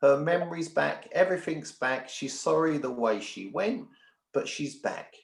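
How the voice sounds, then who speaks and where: A man's voice: on the high side, animated, measured pace, gravelly, reverberant. A man working as a spiritual medium, giving readings from home and often checking in with his sitter.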